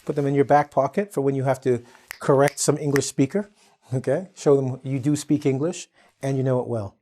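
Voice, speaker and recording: A man's voice: medium pitch, fairly even intonation, fairly quick, warm tone. A man from Canada teaching an online English lesson, playful and acting out exaggerated quotes.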